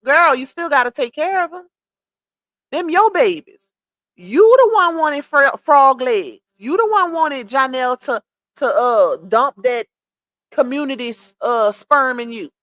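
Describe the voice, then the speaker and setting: High-voiced blunt woman scolding on a livestream. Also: expressive, measured pace, fairly bright tone, no echo. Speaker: livestream commentator. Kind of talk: casual gossip commentary.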